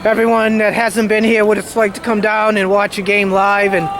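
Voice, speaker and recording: A man giving an excited live post-game vlog outdoors near a stadium, talking while he walks and chanting along with the crowd. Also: sits high, normal speed, creaky. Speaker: sports fan vlogger. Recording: noisy outdoor street recording.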